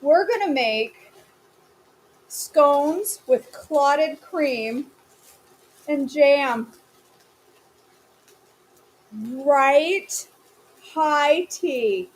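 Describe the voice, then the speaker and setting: A woman's voice: high-pitched, lively intonation, very slow, long pauses, low-quality recording. A woman hosting a live cooking class from her home kitchen, chatting casually and answering viewer comments as she cooks.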